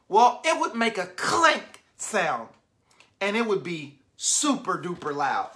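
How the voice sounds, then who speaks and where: With a medium-pitched voice, a woman reads a picture book aloud to young children. She is animated and keeps asking her listeners questions.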